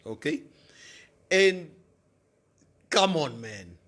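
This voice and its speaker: High husky Namibian co-host. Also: male voice, lively intonation, extremely slow, fairly bright tone. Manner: joking, teasing, mixes English and Afrikaans. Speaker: radio co-host. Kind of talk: casual radio chat.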